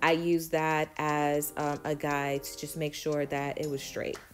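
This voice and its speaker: Low-pitched woman with a Brooklyn accent, chatty DIY vlogger walking through steps, soft music underneath. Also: level tone, a little slow. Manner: chatty, step-by-step, frequent ums. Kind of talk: casual tutorial voice-over.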